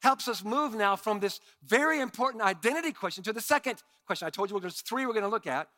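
High-voiced, bright middle-aged male pastor. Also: quick pace. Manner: animated, impassioned preaching. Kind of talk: sermon.

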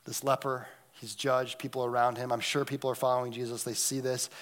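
A pastor delivers a sermon in a mid-range, level voice at a fairly quick pace. He swings between loud, emphatic lines and hushed moments that are nearly whispers.

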